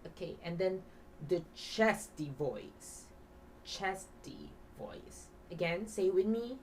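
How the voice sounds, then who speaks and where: Female teacher, low-pitched, patient classroom explainer with fillers; faint background noise. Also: animated, slow pace, a little mellow, far from the mic, rough recording. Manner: explains with many fillers, has class repeat words; breathy half-whisper when demonstrating. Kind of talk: demo teaching lesson.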